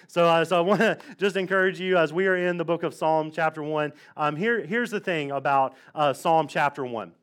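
A man's voice: a little high, a bit bright. Chatty joking pastor, a man. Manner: chatty, joking storyteller, lots of "like" and "all right?". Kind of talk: casual conversational sermon. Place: church sanctuary.

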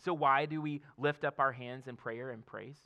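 A man's voice: medium pitch, fairly even intonation, moderate pace, pushed and bright. A man in his thirties, a pastor, giving a conversational sermon with laughs and frequent "okay?" check-ins to the congregation.

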